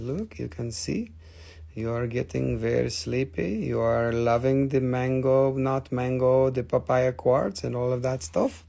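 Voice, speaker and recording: A man's voice: mid-range voice, gravelly, darkish tone, slightly rough. A man hosting a casual live crystal sale, joking and rambling playfully. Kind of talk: casual live sales stream.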